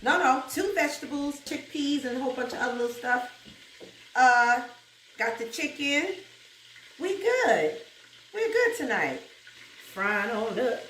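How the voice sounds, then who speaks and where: Home cook host with a New York accent, woman, fairly high voice, roomy kitchen sound heard from off-mic; chatty, laughing, sings bits of gospel. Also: lively intonation, moderate pace, bright, forceful tone, recorded from a distance, slight background noise. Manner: chatty, laughs often, breaks into song. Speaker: cooking show host. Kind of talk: casual cooking chat with bursts of gospel singing. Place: home kitchen with food frying.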